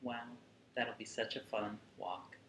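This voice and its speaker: A man working as a children's museum educator, reading a picture book aloud to kids in a gentle, expressive, playful way. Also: on the low side, a little slow, reverberant, slight background noise.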